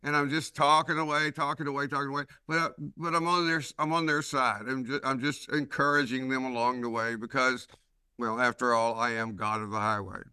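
A man with a Southern accent hosting a podcast, telling stories in a lively way with many restarts and repeated words. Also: mid-range voice, a little fast, clear, resonant tone, no echo. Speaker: podcast host. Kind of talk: casual podcast conversation.

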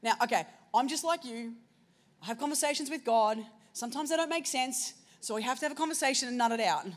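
Aussie woman preaching, high voice, goes quiet then loud telling her story. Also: quick pace. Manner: personal storytelling, swinging between hushed and loud. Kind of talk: sermon.

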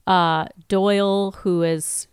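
A congested woman co-hosting a podcast, recapping an episode in casual, lively chat. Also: mid-range voice, slow pace, clean tone, no room sound, studio quality. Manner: lively storytelling with laughs. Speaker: podcast co-host.

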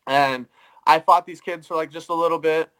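A man's voice: on the high side, steady tone, moderate pace, fairly bright tone, rough recording. A young man co-hosting a podcast, telling a story animatedly and filling his speech with "like" and "dude". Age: young adult. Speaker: podcast co-host. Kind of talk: casual storytelling.

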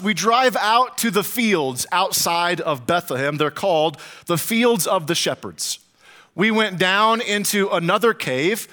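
A man preaching a sermon as pastor, telling a travel story with dramatic pauses and comic asides to the congregation. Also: high-pitched, sharp tone.

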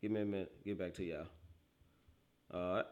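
A man hosting a casual livestream, reacting excitedly to football highlights, laughing often and talking straight to his chat. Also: fairly quick, highs cut off. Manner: excitable, laughs often, bursts into loud outbursts, talks to chat; slangy, animated football banter. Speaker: livestream host.

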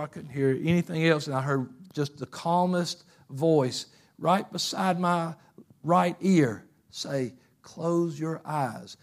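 A man with a slightly high voice preaches a fervent sermon, weaving in stories and swinging between loud bursts and hushed passages.

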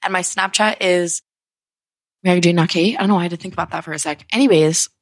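A woman's voice: lowish voice, quick pace, dry recording. Irritable, rambling young woman podcast host. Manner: rambling, distracted, swears often. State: irritable, sore throat. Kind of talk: casual podcast chat. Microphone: handheld microphone.

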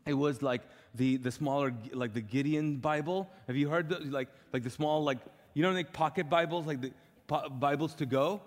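A middle-aged pastor tells his story from the stage with animated energy, slipping into the voices of the people in it. His voice sits a bit high for a man. It rings out in the long reverb of a big church auditorium. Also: normal speed. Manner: animated, acts out quoted dialogue. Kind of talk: sermon storytelling.

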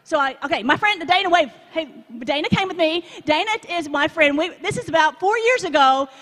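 A woman from Texas, preaching to a live audience in a chatty, animated way and asking the crowd to join in. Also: very high voice, fairly quick. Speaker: conference speaker. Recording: long hall reverb.

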